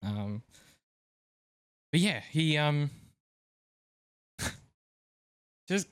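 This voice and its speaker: A man's voice: fairly high pitch, animated, drawn-out words, clear, resonant tone, no room sound. A man hosting a casual film podcast, rambling and thinking aloud with plenty of filler words. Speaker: podcast host.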